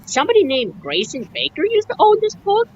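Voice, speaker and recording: A woman chatting casually on a video call in a halting way, with fillers. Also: high voice, wildly swooping pitch, dull audio, a little hiss or hum. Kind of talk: casual chat.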